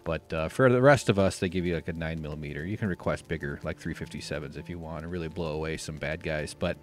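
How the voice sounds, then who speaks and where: A man from the United States hosting a live stream, talking in a rambling, sarcastic way with deadpan jokes. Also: extremely low pitch, fast talker, faint music behind. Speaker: livestream host. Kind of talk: casual live-stream chat.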